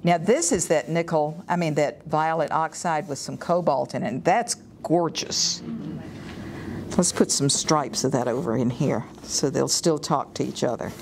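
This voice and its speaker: A woman's voice: sits low, a little slow, a little mellow, a little hiss or hum. A woman artist from the US South giving a live painting demonstration, chatting enthusiastically and thinking aloud as she works. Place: art studio or gallery room.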